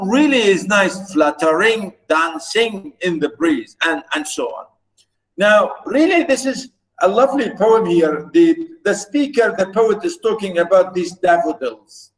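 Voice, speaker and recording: Male lecturer, high voice, unhurried classroom delivery full of fillers. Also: poor audio. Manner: slow, repetitive, with many fillers and restarts.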